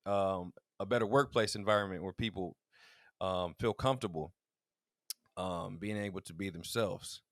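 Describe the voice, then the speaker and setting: A man's voice: low-pitched, moderate pace, no echo, clean studio sound. A man co-hosting a podcast, telling stories in casual chat and acting out the quotes he tells. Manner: animated storytelling, acts out quotes, laughs often. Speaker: podcast co-host.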